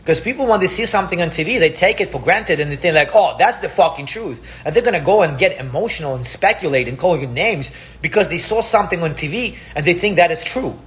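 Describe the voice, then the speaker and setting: A man's voice: a little high, lively intonation, fast, few pauses, fairly bright tone. A man with Russian as his first language, giving a heated, profane casual monologue and repeating himself. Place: Palm Springs.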